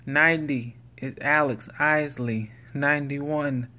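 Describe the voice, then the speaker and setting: Slow, bright-voiced man reading a list. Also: a little high. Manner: slow, deliberate list reading with playful silly asides. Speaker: vlogger. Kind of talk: reading a numbered list to camera.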